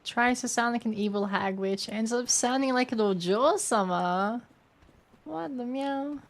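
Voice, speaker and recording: A woman's voice: medium pitch, normal speed. A woman in her twenties chatting casually and playfully with her viewers while she plays a game and reads chat. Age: 20s. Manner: playful, giggly, thinks aloud. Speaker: streamer.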